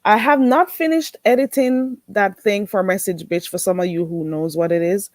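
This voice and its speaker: A woman hosting a casual livestream, greeting viewers in a playful, animated way and laughing often. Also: medium pitch, normal speed, no echo. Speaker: livestream host.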